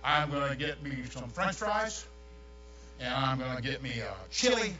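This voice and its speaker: An older man, preaching a sermon with folksy, animated storytelling. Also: medium pitch, measured pace, far from the mic. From New York. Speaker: pastor. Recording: echoey room, dull sound, mains hum.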